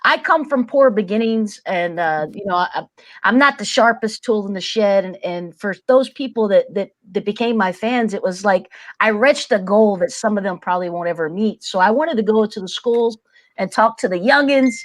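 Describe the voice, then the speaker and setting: A woman's voice: mid-range voice, lively intonation, normal speed. A woman guest on a podcast, talking in a laid-back, plain-spoken, folksy way. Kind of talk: casual chat.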